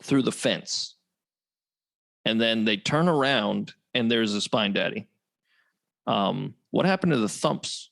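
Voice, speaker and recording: A man's voice: on the low side, expressive, slow pace, gravelly, long pauses, fairly bright tone. A man co-hosting a podcast, chatting casually about a film in a laid-back way, swearing freely. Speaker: podcast co-host. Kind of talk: casual chat about a movie.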